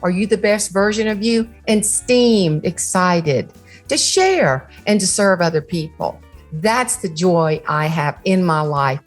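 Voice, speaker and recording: A woman with a Southern US accent talks casually and cheerfully about her latest book. Her voice sits fairly low and has a breathy, husky edge. She sounds upbeat and glad to share. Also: expressive, slow pace, faint music behind. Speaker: author and speaker. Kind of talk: casual promotional chat.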